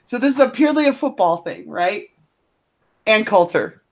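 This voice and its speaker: Lively, laughing woman telling a blunt story. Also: medium pitch, moderate pace. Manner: blunt, profane, laughs through her stories. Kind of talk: casual chat, anecdote telling.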